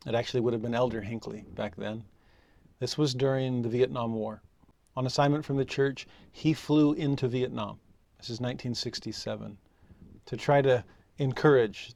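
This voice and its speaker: A man's voice: mid-range voice, creaky, a little mellow. A middle-aged man giving a recorded scripture lesson, telling stories in an earnest, reflective way. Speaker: scripture study teacher.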